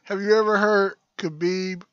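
A man co-hosting a podcast, talking in a relaxed, chatty way and going off on tangents. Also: sits high, unhurried, clean tone, no room sound, lo-fi sound. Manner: relaxed, chatty, many agreeing murmurs. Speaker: podcast co-host. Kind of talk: casual chat.

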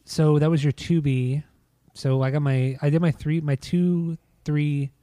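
A man's voice: a little high, steady tone, measured pace, mellow, no room sound. A man co-hosting a casual music podcast, talking loosely, swearing and trailing off mid-thought. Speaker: podcast co-host. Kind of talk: casual chat about music.

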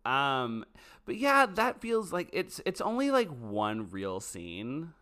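A podcast co-host chats about a movie in a casual, joking way, animated and talkative. His voice sits in the mid range, and he takes his time speaking.

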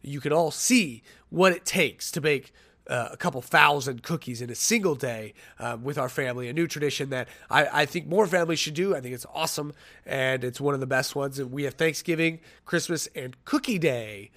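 A man hosting a solo sports podcast, chatting casually, rambling and joking at his own expense as he thinks out loud. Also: on the high side, brisk. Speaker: podcast host.

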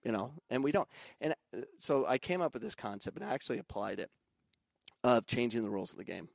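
A man who coaches youth soccer, talking casually and animatedly, jumping up into loud mimicry of other coaches and parents. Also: mid-range voice, expressive, fast talker, creaky, no echo. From Arizona. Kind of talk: casual podcast conversation.

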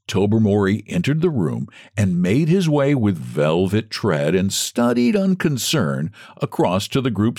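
A man narrating a story in a measured, expressive audiobook style. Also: on the low side, dry recording, studio quality.

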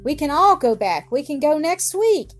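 Tender frontier mother, read by a woman: gentle and teary, breaking into glad exclamations. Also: high-pitched, big pitch swings, normal speed, faint music behind, pitched above the performer's own voice. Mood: emotional. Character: warm, tearful frontier mother.

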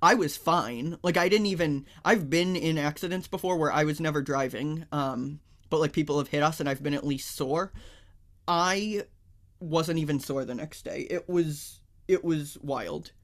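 A young adult man co-hosts a podcast, telling things in a blunt, wry, matter-of-fact manner during casual chat. His voice is a little high and a bit bright, at a moderate pace.

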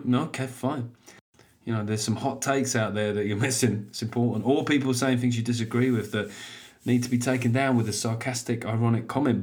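A man's voice: mid-range voice, slightly rough. A man hosting a comedy podcast alone, rambling, swearing and mocking himself. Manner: rambling, sweary, self-deprecating. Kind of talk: solo comedic podcast monologue.

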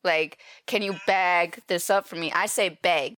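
A woman's voice: on the low side, normal speed, a bit bright, dry recording, studio quality. A woman from the Minnesota and Illinois area with an Upper Midwest accent, co-hosting a podcast in casual, giggly, self-deprecating chat. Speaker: podcast co-host.

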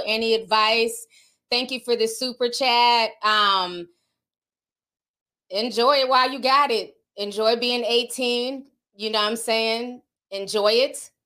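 A woman's voice: a little high, sharp tone. A woman livestreamer reading out viewer donations in a casual, candid and outspoken way.

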